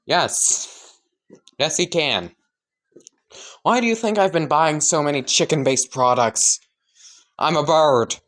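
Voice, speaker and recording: A man voicing a grumpy, deadpan young male bird student in a fan story. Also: fairly high pitch, slow pace, pauses often.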